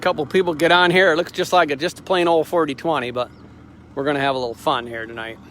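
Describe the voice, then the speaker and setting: High-voiced folksy middle-aged man. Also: steady tone, fast talker, fairly bright tone, a little hiss or hum. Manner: folksy, rambling, plain-spoken. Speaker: host, tractor dealer. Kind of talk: casual walkaround storytelling.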